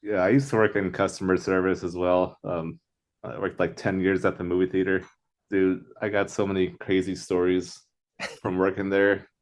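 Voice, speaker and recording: A man with a low-pitched voice chats in a laid-back way. He swears casually and laughs easily while trading stories. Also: level tone, moderate pace. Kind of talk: casual chat.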